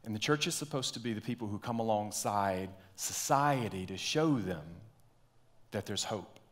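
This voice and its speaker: A man preaching a sermon as pastor, telling a story and dropping into quiet, earnest tones. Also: lowish voice, moderate pace.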